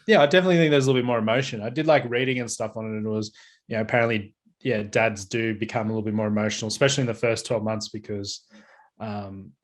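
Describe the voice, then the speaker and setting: A man's voice: fairly low pitch, steady tone, fast talker. An easygoing man, co-hosting a podcast in casual chat and laughing often. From Australia. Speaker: podcast co-host.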